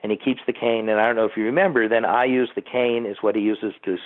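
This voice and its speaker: A man's voice: fairly low pitch, quick pace. A man, a TV producer being interviewed, rambling through behind-the-scenes anecdotes with asides to the host. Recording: tinny phone-like line.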